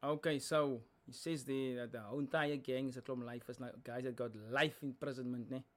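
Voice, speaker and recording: A man's voice: mid-range voice, fairly even intonation, a little fast, very noisy. A young South African man hosting a reaction video, chatting casually and explaining lyrics as he goes. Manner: chatty, explaining lyrics, code-switching slang.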